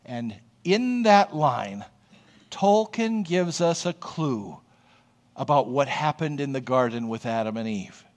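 A man's voice: mid-range voice, slow pace. A man who is a pastor, preaching a sermon in a conversational, storytelling way and often checking in with the congregation. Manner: storytelling, animated.

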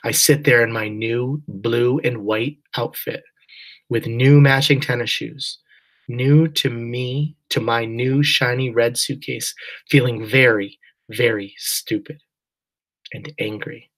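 Husky male audiobook narrator. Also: medium pitch, fairly even intonation, slow pace, fairly bright tone, poor audio. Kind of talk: first-person audiobook narration.

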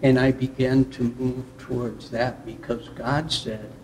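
Slow, earnest male pastor telling a testimony. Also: mid-range voice, little pitch movement, slight background noise. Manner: earnest, reflective storytelling with soft chuckles. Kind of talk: personal testimony in conversation.

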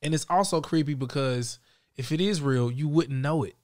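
A man's voice: fairly high pitch, moderate pace, darkish tone. A man hosting a podcast in casual chat, rambling and joking, swearing freely. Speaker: podcast host.

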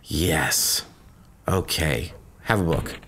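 A man doing let's play commentary, joking crudely and breaking into loud excitable outbursts. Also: extremely low pitch, extremely slow, a little hiss or hum. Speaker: gaming commentator.

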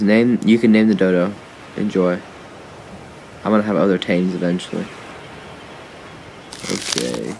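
Chatting to his audience and to the animals in the game, a young man gives loose, rambling commentary as he plays. He's a gaming YouTuber with a low-pitched voice, and slight background noise is audible.

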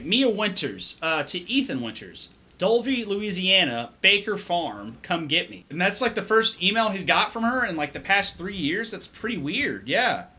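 A young male gaming YouTuber with a high-pitched, pushed, bright voice does let's-play commentary on a horror game. He's jumpy, swears, and talks to himself as he plays.

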